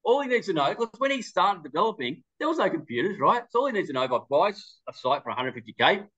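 A man presenting at a webinar, rattling through an anecdote at a brisk clip. His voice sits a little higher than most men's, and he slips into quoted dialogue as he tells the story. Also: very animated, a bit bright, muffled recording.

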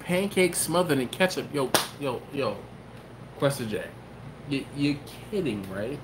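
A man's voice: medium pitch, big pitch swings, measured pace, heavy background noise. A man hosting a casual live stream from his home kitchen, reading viewer comments aloud and riffing on them. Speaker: host.

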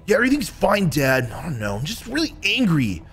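Whiny angry teen hero played by a guy, bouncy pitch, light music playing. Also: wildly swooping pitch, fairly quick, fairly bright tone, exaggerated voice. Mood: sulky. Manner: whiny, complaining, petulant. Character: sulky teenage superhero boy, angry and defiant.

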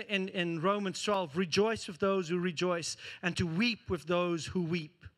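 A man preaching a sermon as pastor, telling a story with lively acted-out scenes. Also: high voice. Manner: animated storytelling, acting out scenes.

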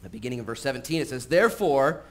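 A man preaching a sermon in a church, talking casually with frequent fillers and getting animated as he tells stories. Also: medium pitch, brisk. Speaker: pastor. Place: church sanctuary. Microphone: live-streamed recording.

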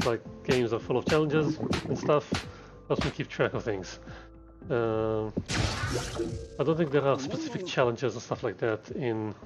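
A man's voice: medium pitch, muffled recording. A man streaming a video game, muttering his thoughts aloud in casual commentary.

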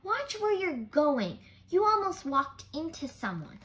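A woman's voice: fairly high pitch, very animated, moderate pace, fairly bright tone, slight background noise. A woman reading aloud, voicing an eager, talkative young boy detective in a children's storybook.

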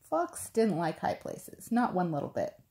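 Lady reading a picture book to little kids, slow, lively sing-song. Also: on the low side. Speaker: preschool storytime reader.

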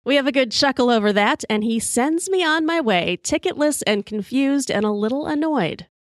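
Podcast host, woman, higher register, wry and profane storyteller, dry close recording. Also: animated, moderate pace, dry recording. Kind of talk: storytelling monologue while drinking whiskey.

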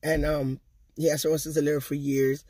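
A woman's voice: deep voice, flat delivery, quick pace, dark tone, slightly rough, dry recording. Talkative woman vlogger, casual and chatty to camera, close dry sound. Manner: chatty, talkative, loves to gab. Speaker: vlogger and channel host. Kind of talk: casual vlog chat to viewers.

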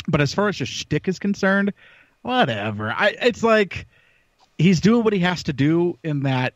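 A man's voice: on the high side, no echo. A man as a podcast guest in casual chat, opinionated and rambling with frequent restarts. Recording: dull lo-fi call audio.

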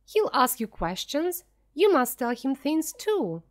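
A woman voicing a calm, strangely knowing young boy, speaking brightly and eagerly. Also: sits high, slow pace, pitched above the performer's own voice, full character voice.

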